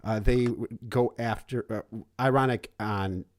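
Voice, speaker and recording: A man hosting a casual interview, speaking haltingly with lots of fillers and restarts. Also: on the low side, fairly even intonation. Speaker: podcast host.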